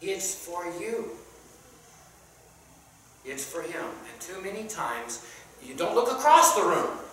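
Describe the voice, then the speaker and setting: A Sunday school teacher with a bright, sharp-edged, mid-range voice and a sing-song delivery walks through a Bible lesson conversationally, halting with many "uh"s and asking the class questions. The scripture passages are read in old King James wording. She's recorded from a distance in a very echoey church room, with a faint hiss underneath.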